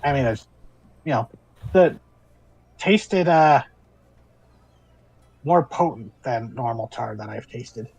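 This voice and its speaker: A man voicing a small, greedy male imp demon with no table manners, chummy and excitable. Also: medium pitch, takes it slowly, gravelly, long pauses, husky, no echo, muffled recording, exaggerated voice. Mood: excited. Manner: chummy, excitable, talks with mouth full. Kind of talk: tabletop role-play voicing.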